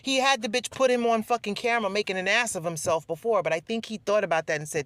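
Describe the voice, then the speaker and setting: A woman's voice: mid-range voice, quick pace, few pauses, fairly bright tone, no echo. Profane, mocking woman vlogger. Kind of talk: casual vlog rant.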